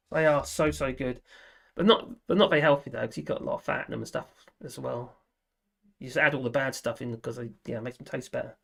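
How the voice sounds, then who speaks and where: A man's voice: mid-range voice, steady tone, quick pace, vocal fry, a bit bright. A man hosting a live stream, chatting casually and reading out viewer comments, rambling with frequent laughs and trailing sentences. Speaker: livestream host.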